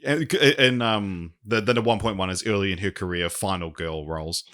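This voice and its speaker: A man co-hosting a casual podcast, reading out quiz clues slowly and laughing often. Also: sits low, pushed and bright. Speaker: podcast co-host, quizmaster.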